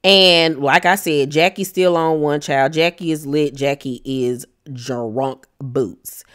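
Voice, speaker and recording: A woman recapping a reality show episode in a sassy, animated way, acting out quotes with shifting pitch. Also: slow, smooth.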